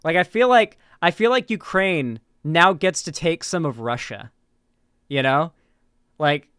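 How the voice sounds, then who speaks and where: Male streamer from Florida, casual and rambling, clear smooth voice, close dry mic. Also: on the high side, animated, moderate pace, fairly bright tone, dry recording. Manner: rambling, full of "like" and restarts, talks to chat. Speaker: livestream political commentator. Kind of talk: casual livestream commentary.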